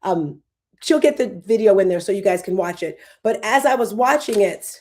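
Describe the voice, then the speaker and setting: A woman's voice: mid-range voice, animated, moderate pace, a little mellow. A middle-aged woman hosting a live online talk show, chatting in a conversational way and speaking straight to her audience and the chat. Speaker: host.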